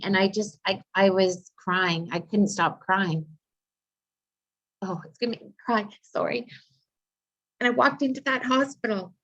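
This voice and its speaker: A woman of middling pitch speaks earnestly, recounting a personal ordeal in an interview with plenty of "like" and "um". Her voice comes through a slightly muffled, lo-fi recording. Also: a bit bright. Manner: earnest, heartfelt retelling with many fillers. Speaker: psychic medium guest. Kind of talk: personal story told in an interview.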